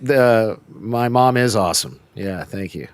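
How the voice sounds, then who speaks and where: On his casual review podcast, the host cracks jokes and often trips up, backing out of sentences to start them again. His voice is lowish and unhurried, and the recording is dry.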